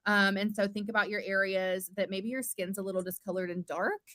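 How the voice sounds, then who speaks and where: A bubbly woman chats casually about skincare. Her voice is bright and forward, recorded dry and close with no room sound. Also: medium pitch, fairly even intonation, a little fast, no echo. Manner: bubbly, chatty, self-deprecating. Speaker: skincare business leader, co-host. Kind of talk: casual livestream chat.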